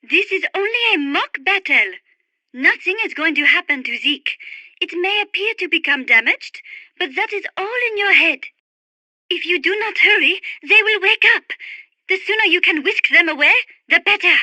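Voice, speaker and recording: A soft-spoken French birdwatcher. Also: female voice, very high-pitched, animated, moderate pace, no echo, full character voice. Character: refined young French woman birdwatcher, gentle and dreamy. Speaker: radio support character. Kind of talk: game radio dialogue.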